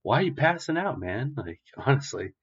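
A man's voice: mid-range voice, sing-song, normal speed. A young man hosting a podcast, casually and profanely retelling the plot of an episode in a rambling way, in a dull lo-fi recording. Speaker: podcast host.

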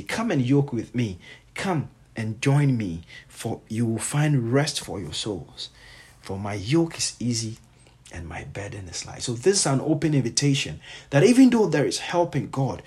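A man's voice: medium pitch, slightly rough. A male pastor preaching a sermon, repeating his points with emphasis and reading scripture aloud.

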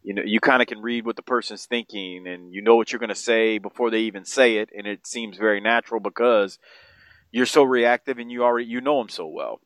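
A man co-hosting a podcast in casual chat, rambling and profane, his voice jumping up in pitch when he gets excited. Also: brisk, no echo. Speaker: podcast co-host.

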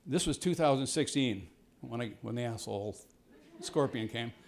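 A man telling a rambling, self-deprecating personal story to a live audience, his voice jumping high when the story turns tense. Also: moderate pace, creaky. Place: jungle home on a tropical mountain.

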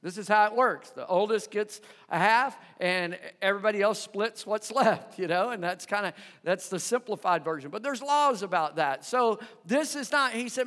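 A male pastor preaching a sermon in an animated, conversational way, often asking the congregation questions. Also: sits high, moderate pace, few pauses, long reverb tail. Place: church sanctuary.

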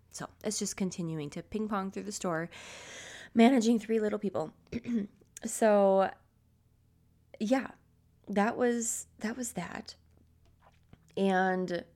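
A woman's voice: mid-range voice, a little mellow. A woman hosting a podcast in a casual, rambling chat, with a scratchy throat, many fillers and frequent laughs. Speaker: podcast host.

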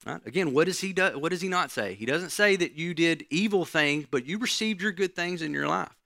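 A man preaching a sermon in a gravelly, bright voice. He teaches in a conversational way and keeps checking in with his listeners. The sound is dry and close. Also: on the high side, lively intonation, brisk, dry recording. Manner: conversational teaching, frequent "right?" asides.

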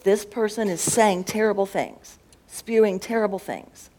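A woman's voice: medium pitch, unhurried, darkish tone. A woman who teaches school, talking casually about faith and thinking aloud as she searches for words. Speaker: schoolteacher and co-host.

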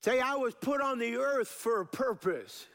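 Gravelly high-voiced preaching pastor. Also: male voice, lively intonation, normal speed, fairly bright tone. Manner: call-and-response preaching, varying pace and emphasis. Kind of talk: sermon.

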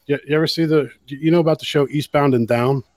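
A man's voice: a little high, steady tone, fast, darkish tone, dry recording. A man hosting a podcast, chatting casually, laughing often and restarting his sentences. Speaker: podcast host. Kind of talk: casual chat.

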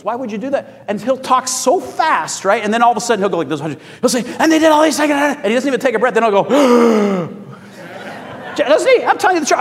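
Animated preacher man in a reverberant church. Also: very high voice. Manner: animated, rising to shouts, asking the congregation for amens. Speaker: pastor. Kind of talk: sermon.

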